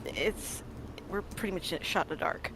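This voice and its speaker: A woman player giving halting, thoughtful comments after a tabletop game session. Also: fairly low pitch, background noise. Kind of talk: casual chat.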